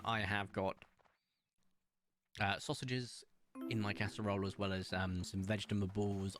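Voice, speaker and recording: A man's voice: fairly low pitch, fairly bright tone. A young English man streaming a game, chatting casually and enthusiastically, rambling with frequent laughs. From England.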